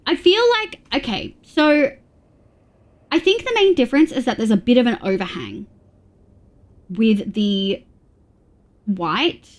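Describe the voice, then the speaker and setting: A woman's voice: a little high, big pitch swings, takes it slowly, pauses often. Bubbly woman streaming casually. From Australia. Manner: chatty, bubbly, laughs often, reads chat aloud. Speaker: VTuber streamer. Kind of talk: casual live-stream chat while gaming.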